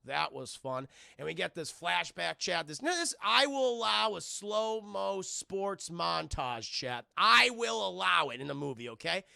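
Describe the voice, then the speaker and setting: A man's voice: sits high, animated, unhurried, gravelly, hardly any pauses, sharp tone, no echo, clean studio sound. A man streaming a casual film recap, rambling and swearing as he keeps talking to his chat. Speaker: film reviewer streaming live.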